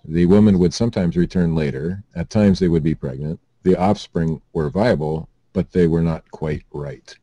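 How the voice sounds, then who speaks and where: Man, podcast host, very low voice, mellow tone, dry close sound, reading aloud with joking asides. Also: normal speed, few pauses, no room sound. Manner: reads items aloud with self-deprecating asides and stumbles.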